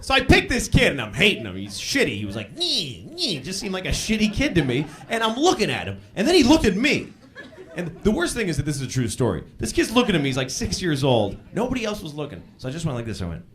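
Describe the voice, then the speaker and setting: A man's voice: on the high side, wildly swooping pitch, quick pace, slight background noise. A man doing a blunt, profane stand-up routine on a live stage. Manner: blunt, profane, wildly swinging delivery. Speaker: stand-up comedian. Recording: live stage recording with crowd laughter.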